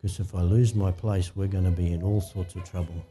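Aussie pastor preaching to his church, chatty, mellow voice. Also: low voice, fairly even intonation, fairly quick, a little hiss or hum. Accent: Australian. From Australia. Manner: conversational preaching, asks the congregation to respond. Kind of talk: sermon.

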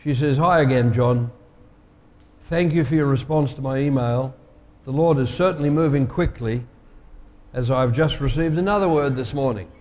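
A pastor delivering a sermon, measured and emphatic, slowing down to stress key phrases. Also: male voice, mid-range voice, a little mellow. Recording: long hall reverb.

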